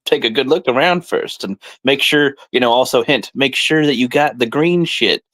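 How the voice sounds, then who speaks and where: A man's voice: medium pitch, normal speed, fairly bright tone, dry recording. Mid voiced guy rambling and laughing about a comic, dry sound. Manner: laughs often, rambling, hesitant restarts. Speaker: podcast co-host. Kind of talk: casual comic review chat.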